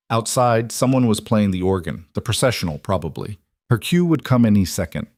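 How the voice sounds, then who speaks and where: Man reading a western story, lowish voice, dry sound. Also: expressive, normal speed, a little mellow, dry recording. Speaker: narrator. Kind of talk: scripted story narration.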